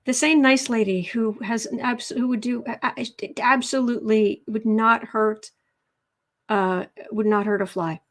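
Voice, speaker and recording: Woman, fairly high voice, tarot livestream host, talkative and overheated, casual home setup. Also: fairly even intonation, measured pace. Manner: chatty, reads viewer comments aloud, stumbles and restarts. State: overheated and sweaty. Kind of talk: casual live-stream chat. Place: indoor room at home.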